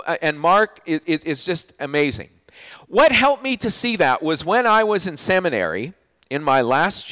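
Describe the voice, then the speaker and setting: Male pastor, sermon; animated storyteller, bouncing melody, stops and restarts mid-phrase. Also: high voice. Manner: animated storytelling, frequent restarts, swings from loud to hushed.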